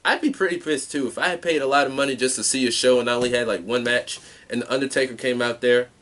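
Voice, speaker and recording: A man co-hosting a podcast in blunt, excitable casual chat, swearing freely. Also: medium pitch, fast. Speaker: podcast co-host.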